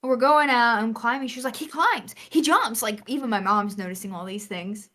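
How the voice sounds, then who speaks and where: A young woman co-hosting a gaming podcast, telling a lively story and acting out the lines. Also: on the high side, a little fast. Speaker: podcast co-host. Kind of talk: casual chat.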